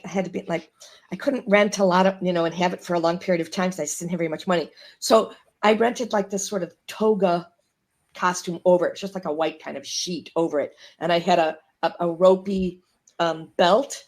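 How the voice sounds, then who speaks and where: A woman from Chicago, a guest actress telling stories in casual chat, animated and laughing as she acts out the people she quotes. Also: fairly low pitch. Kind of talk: casual storytelling.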